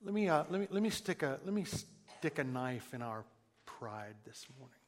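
A man preaching a sermon, emphatic, moving between hushed and loud passages. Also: mid-range voice, big pitch swings, normal speed, slight background noise. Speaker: pastor. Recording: long hall reverb.

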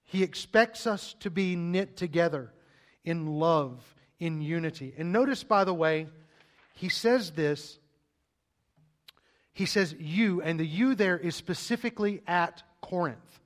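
A middle-aged man preaching from the pulpit in a fairly high voice. He drives his points home emphatically and tumbles over repeated words when he gets going. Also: measured pace. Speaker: pastor. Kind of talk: sermon.

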